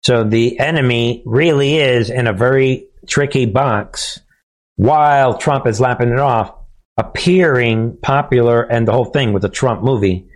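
A man's voice: medium pitch, unhurried. A man hosting his own channel, talking straight to his viewers in a casual monologue, punchy and emphatic, with catchphrases and frequent restarts. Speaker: host of a political commentary channel.

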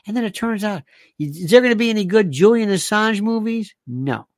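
A man's voice: high-pitched, lively intonation, fairly quick, no room sound. A man delivering a rambling monologue, firing off sarcastic rhetorical questions and repeating himself for emphasis.

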